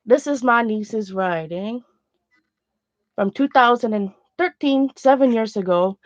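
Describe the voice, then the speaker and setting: A woman's voice: a little high, measured pace, no echo. Earnest woman chatting in lo-fi sound. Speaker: art channel host. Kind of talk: casual livestream chat. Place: home. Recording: dull lo-fi sound.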